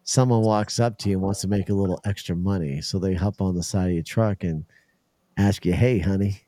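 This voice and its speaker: A man's voice: sits low, fairly quick, no room sound. A man hosting a casual group call, telling stories with lots of laughter. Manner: animated, laughing storyteller. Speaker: host.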